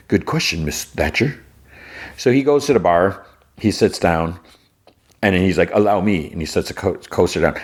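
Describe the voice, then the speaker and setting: A man's voice: sits low, darkish tone. A man hosting a podcast, casually recapping an episode and thinking aloud as he retells the scenes. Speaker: podcast host.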